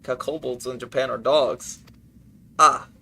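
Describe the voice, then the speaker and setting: A man's voice: mid-range voice, fairly even intonation, unhurried, creaky, sharp tone, breathy edge. A man streaming a game, chatting casually and ad-libbing jokes over it. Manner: jokey, ad-libbing, breaks into laughter. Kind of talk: casual gaming stream chat.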